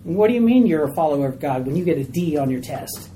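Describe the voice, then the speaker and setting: A woman's voice: sits low, animated, mellow, a little hiss or hum, voice pushed down. A woman doing a taunting whispering devil. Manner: mocking, rapid-fire accusing.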